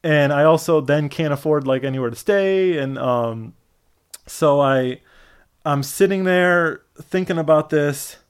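A man's voice: fairly high pitch, measured pace, clean tone. A man telling a long personal story in casual chat, rambling with lots of fillers and acting out quoted voices.

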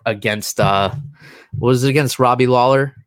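A man breaks down a fight in a casual, rambling way, doubling back on his words with lots of fillers. His voice sits in an ordinary middle pitch. It sounds close and dry, with no room around it. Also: no room sound. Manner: fast, rambling, many restarts and fillers. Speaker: MMA analyst guest. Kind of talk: casual podcast chat.

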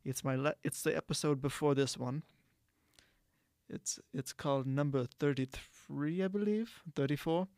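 A man's voice: medium pitch, steady tone, moderate pace, darkish tone, no echo. A man hosting his own podcast, talking casually and rambling, often restarting and correcting himself. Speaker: podcast host. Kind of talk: casual solo podcast talk.

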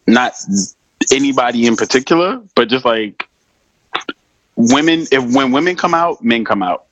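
Guy hosting a podcast, thoughtful laid-back chat, dry close sound, mid pitch. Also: expressive, normal speed, a bit bright, dry recording, highs cut off. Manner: reflective, thoughtful. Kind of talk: casual chat.

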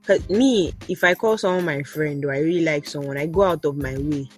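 A woman's voice: low-pitched, a little fast, soft background music. A woman talking casually and playfully with friends on a podcast, laughing often. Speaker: podcast co-host. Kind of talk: casual chat among friends.

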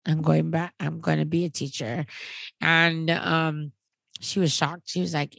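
Woman, thirties, podcast co-host, lively storytelling, bright voice, lowish pitch. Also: a little slow, creaky, no echo. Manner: animated storytelling, quoting others. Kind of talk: casual chat.

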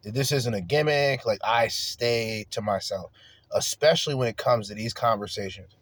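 A man's voice: medium pitch, normal speed, fairly bright tone, no room sound. A man hosting a podcast, ranting in a heated, profane, emphatic way and firing off rhetorical questions. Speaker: podcast host. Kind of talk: solo opinion rant.

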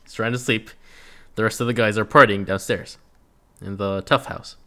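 A man co-hosting a casual review podcast, telling stories in a relaxed way and laughing often. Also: lowish voice, normal speed. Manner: laid-back storytelling, acts out quotes, laughs often. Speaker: podcast co-host reviewing a reality show. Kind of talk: casual chat.

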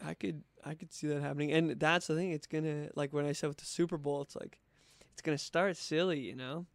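A man's voice: on the high side, fairly even intonation, fairly quick, no echo. A man, a podcast guest and drummer, talking in a loose, chatty way. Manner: loose, chatty, uses many fillers. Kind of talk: casual conversation.

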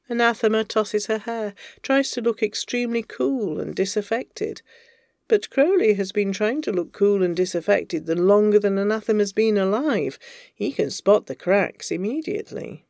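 Slow, gravelly story reader. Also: medium pitch, expressive, darkish tone, no room sound, clean studio sound. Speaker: narrator. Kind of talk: fan fiction audio reading.

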